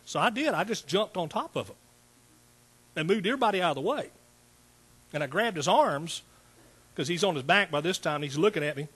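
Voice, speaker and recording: A husky middle-aged man preaching in a church, his voice sitting a little high for a man. He spins folksy stories and acts out the voices of the people in them, keeping a lively, animated delivery throughout. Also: brisk, long pauses. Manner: folksy and animated, laughing and acting out quotes. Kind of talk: sermon with storytelling.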